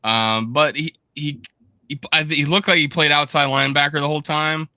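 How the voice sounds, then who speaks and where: A man's voice: fairly high pitch, steady tone, moderate pace, pushed and bright, dry recording. A man hosting a casual sports podcast, talking in a rambling, self-deprecating way. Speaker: podcast host.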